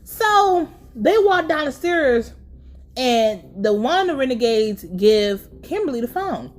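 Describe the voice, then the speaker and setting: Animated, foul-mouthed woman recapping TV. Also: high voice, takes it slowly. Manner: blunt, profane and animated. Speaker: TV recap vlogger. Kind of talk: casual TV episode recap.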